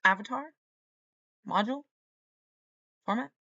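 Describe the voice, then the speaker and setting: A woman's voice: on the high side, measured pace, sharp tone, muffled recording. A woman hosting a podcast, rambling through a solo monologue, swearing and trailing off mid-thought. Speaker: podcast host.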